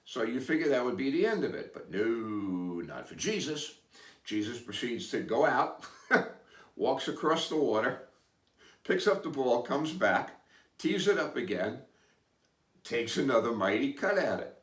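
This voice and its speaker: A man's voice: mid-range voice, sing-song, a little slow, a bit bright, distant mic. A man hosting a podcast who tells stories in a casual, rambling way, hesitant and full of asides. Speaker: podcast host. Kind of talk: casual storytelling chat. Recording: roomy, away from mic.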